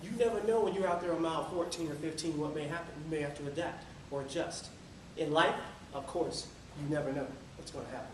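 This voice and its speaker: A man telling a marathon story as a lively motivational speech at a club meeting. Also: a little high, fast, few pauses. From Tampa area. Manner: energetic storytelling, sings a few lines. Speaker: public speaker. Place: meeting room. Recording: echoey room from far off, faint noise.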